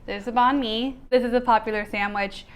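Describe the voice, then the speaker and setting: A woman's voice: on the high side, steady tone, brisk, clear, resonant tone. A woman host presenting a food review, upbeat and speaking to the camera.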